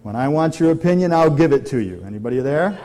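A man's voice: a little high, animated, fast talker, mellow. A middle-aged man preaching a sermon, conversational and full of questions to his audience. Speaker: pastor.

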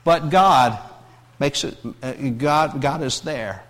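A middle-aged male pastor preaching a sermon, often repeating words and restarting phrases, moving between hushed, tender passages and raised, emphatic scripture reading. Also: on the high side, slow pace, long reverb tail.

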